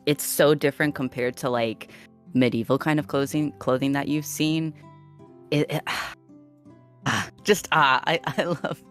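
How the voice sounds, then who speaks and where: Super deep-voiced lady guesting on a stream chat, gushing and giggly. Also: fairly even intonation, unhurried, faint music behind. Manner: eager and chatty, laughs easily. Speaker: podcast guest. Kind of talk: casual chat on a streamed talk show.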